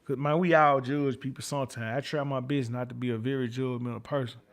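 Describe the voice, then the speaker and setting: A man's voice: mid-range voice, steady tone, fairly quick. A middle-aged man with a Memphis Southern accent, hosting a livestream, chatting loosely, reading out viewer comments and repeating himself. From Memphis, Tennessee. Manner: loose, rambling, repeats himself, curses freely. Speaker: livestream host.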